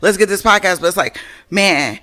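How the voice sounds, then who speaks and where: A woman co-hosting a podcast, telling stories in a casual, expressive way and swearing freely. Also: on the low side, normal speed. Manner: animated, expressive storyteller who swears casually. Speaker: podcast co-host. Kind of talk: casual storytelling chat.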